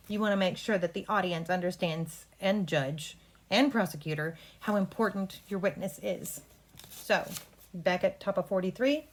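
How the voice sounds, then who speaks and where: Brisk woman coaching a play rehearsal. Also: mid-range voice. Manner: instructive, brisk, talks through cues. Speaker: drama coach.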